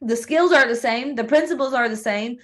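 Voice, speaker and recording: A woman hosts a company video call and warmly praises the last speaker. Her voice is a little high, and her manner is effusive and encouraging. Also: fairly quick.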